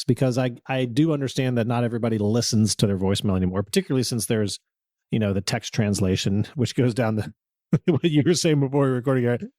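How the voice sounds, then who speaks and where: A man's voice: mid-range voice, brisk, darkish tone, dry recording, clean studio sound. A man co-hosting a podcast in casual chat, giving his opinions plainly and laughing easily. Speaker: podcast co-host.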